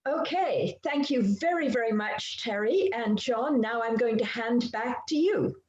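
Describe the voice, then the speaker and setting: A woman interviewer on a video call, asking questions in a measured, earnest way. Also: on the high side, darkish tone, dull audio. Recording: echoey room sound.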